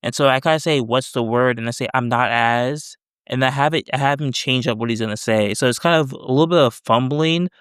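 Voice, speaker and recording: A man's voice: medium pitch, fairly quick, fairly bright tone, clean tone, dry recording, studio quality. A man casually explaining his screen as he works, rambling with self-corrections. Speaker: developer demoing voice prompts. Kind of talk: casual screen-recorded tutorial.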